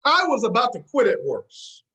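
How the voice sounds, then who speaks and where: Man preaching a pep talk to his sales team, bright punchy voice, goes from hushed to shouting, repeats himself for effect. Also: extremely high pitch, huge pitch swings, normal speed, breathy edge. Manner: preacher-like, emphatic, repeats key words, swings between hushed and shouting; asks the audience to answer back. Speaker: motivational speaker on a sales team call. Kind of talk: motivational speech.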